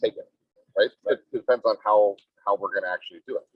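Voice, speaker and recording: Speaking at a quick pace in a slightly rough voice, a man who works as a real estate agent pushes his points in a team meeting, salesy and emphatic, repeatedly adding "right?". The audio is muffled and low-fidelity, with no echo.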